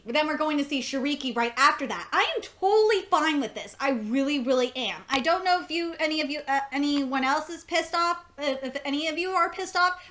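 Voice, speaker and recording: A woman's voice: high voice, fairly bright tone. A young woman reviewing an anime episode in casual chat, gushing and swearing a lot, often restarting her sentences.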